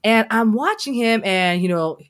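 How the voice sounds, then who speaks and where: Animated woman telling a candid story. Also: on the high side, moderate pace. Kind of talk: casual conversation.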